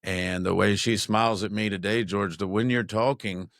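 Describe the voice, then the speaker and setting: A male podcast host with a gravelly, fairly low voice speaks in a reflective, heartfelt way. The recording is dry and close. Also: steady tone, moderate pace, fairly bright tone, dry recording. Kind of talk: conversational interview.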